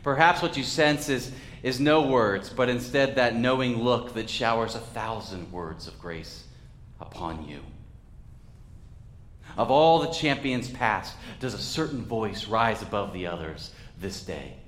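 A man's voice: medium pitch, animated, a bit bright, echoey room, slight background noise. Man preaching a reflective sermon. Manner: reflective, measured delivery with dramatic pauses. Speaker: pastor.

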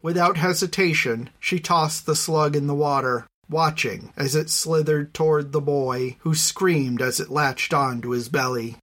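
An audiobook narrator reading a fantasy story in a measured, even storytelling voice. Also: mid-range voice. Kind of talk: scripted narration.

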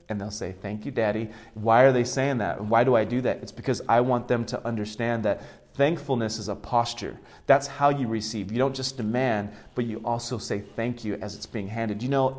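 A man in his thirties preaching a sermon, a father who repeats key phrases and builds to loud, emphatic passages. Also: fairly low pitch. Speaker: pastor.

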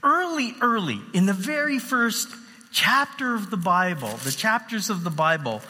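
A man's voice: sits high, animated, normal speed, sharp tone. A man preaching a sermon in a loose, conversational way with many fillers. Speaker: pastor. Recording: long hall reverb.

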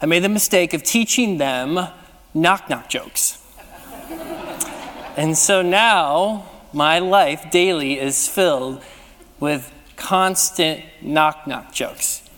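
Pastor preaching in a reverberant hall. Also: male voice, on the high side, takes it slowly, a bit bright. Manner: conversational, playful, repeats phrases. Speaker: senior pastor. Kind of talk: sermon. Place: church sanctuary.

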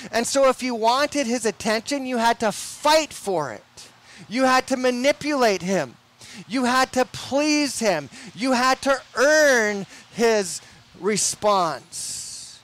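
A young man preaching a sermon in a deliberate, emphatic way, often repeating his words. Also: very high voice, animated, a bit bright. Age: young adult.

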